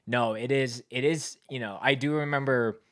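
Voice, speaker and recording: A man's voice: mid-range voice, fairly even intonation, moderate pace, a bit bright. Rambling Canadian man on a podcast. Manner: rambling, filler-heavy storytelling with frequent laughs. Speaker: podcast host. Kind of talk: casual chat.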